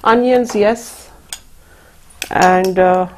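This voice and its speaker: A woman hosts a cooking demonstration, chatting to viewers as she works and calling them folks. Her voice is mid-range and very slow, with a noisy background.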